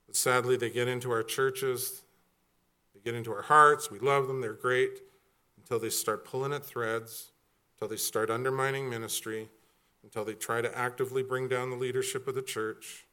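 A man's voice: mid-range voice, steady tone, moderate pace, bright, forceful tone. Middle-aged man, pastor, casual sermon delivery with humor. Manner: conversational, jokey, acts out quoted voices.

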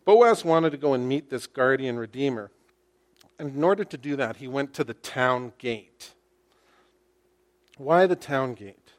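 A man preaches a sermon to a congregation in a church. He has an engaging, animated way of telling a story. He poses rhetorical questions and slips in wry humor. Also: medium pitch, measured pace, long pauses. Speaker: pastor. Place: church, speaking to a congregation with slides.

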